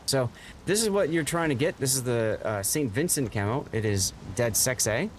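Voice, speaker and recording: A man hosting a game livestream, chatting casually to viewers in a rambling way, with bursts of excited greetings. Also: mid-range voice, moderate pace, slight background noise. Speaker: game streamer and host.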